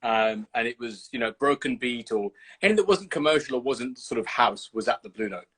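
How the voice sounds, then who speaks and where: A man hosting a casual livestream chat from the UK, telling animated stories and swearing freely. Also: medium pitch, fairly quick, husky. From United Kingdom. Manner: animated storyteller, swears freely, acts out scenes. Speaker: host. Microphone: video call.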